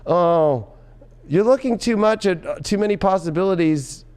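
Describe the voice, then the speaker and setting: A man giving a tarot reading in an excitable, loud and profane way, often breaking into laughter. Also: high voice, normal speed, smooth. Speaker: tarot reader.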